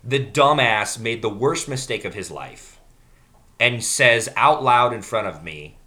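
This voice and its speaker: A man telling a rambling, profane work story in casual podcast chat. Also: mid-range voice. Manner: animated, profane, fast-building rant.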